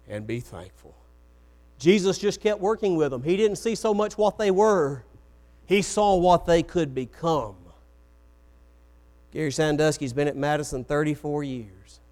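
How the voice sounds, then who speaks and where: A man's voice: high-pitched, a little mellow. A man preaching a sermon, telling stories and acting out the quoted voices. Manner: storytelling, acts out quoted voices.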